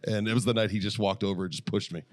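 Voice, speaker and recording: A man's voice: fairly low pitch, fairly even intonation, very fast, dry recording. A man co-hosting a podcast, telling stories in laid-back casual chat and swearing freely. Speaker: podcast co-host.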